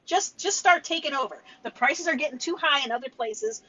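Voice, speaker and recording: A woman's voice: sits high, lively intonation, a little fast, sharp tone, highs cut off. A young woman co-hosting a casual comedic chat, playful and teasing, often giggling. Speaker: podcast co-host.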